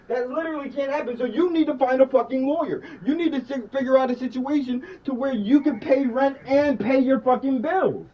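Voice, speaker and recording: A man's voice: very high voice, muffled recording. A man streaming who argues angrily and bluntly over the phone, swearing heavily. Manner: angry, blunt, profane. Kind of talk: heated phone argument during a stream.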